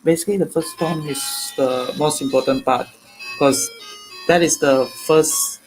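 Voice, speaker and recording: A man's voice: fairly high pitch, steady tone, music in the background, low-quality recording. Man demoing gear on a video call. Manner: halting, self-correcting, step-by-step. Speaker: guest presenter. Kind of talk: live online demonstration.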